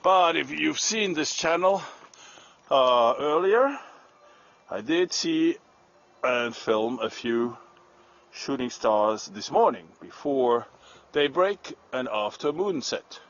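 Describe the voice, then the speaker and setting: A man's voice: medium pitch, muffled recording. A man hosting a casual night-time livestream outdoors, chatting and joking as he walks. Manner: chatty, joking, talks to his dog. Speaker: live-stream host. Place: outdoors at night on a country road.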